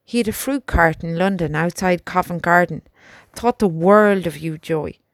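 A woman doing a gentle young soldier. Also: on the low side, normal speed, no echo, close to an everyday voice. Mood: grieving. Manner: soft, chatty, reassuring talk to a horse. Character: young male soldier, gentle, loyal to his horse.

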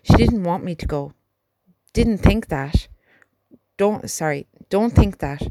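A woman doing a gentle young soldier. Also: on the low side, lively intonation, slow, background noise. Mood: fond. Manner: soft, chatty, reassuring talk to a horse. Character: young male soldier, gentle, loyal to his horse.

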